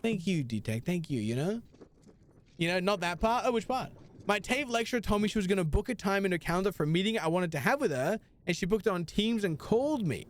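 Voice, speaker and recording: Young male gaming streamer, high and very animated voice, playful banter with chat. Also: fairly quick, slight background noise. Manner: playful, swinging between bits and mock pleading.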